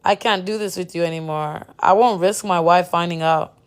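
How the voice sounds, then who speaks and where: A woman's voice: on the low side, normal speed, clean tone, lightly acted. A woman reading as a cold, dismissive man. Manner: harsh, dismissive. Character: cold married man dumping his mistress.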